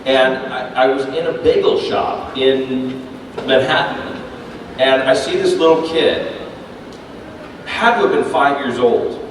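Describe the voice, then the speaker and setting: A man, a voice actor answering fan questions at a convention panel, telling stories with lots of laughter. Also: on the high side. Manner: animated, laughing, storytelling, swears casually. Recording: echoey hall from far off, noisy.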